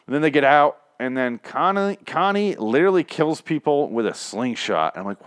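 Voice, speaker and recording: A man's voice: on the high side, expressive, normal speed, few pauses, clean tone, dry recording, studio quality. A man running a solo podcast, recapping a TV episode in a rambling, profane, self-mocking way.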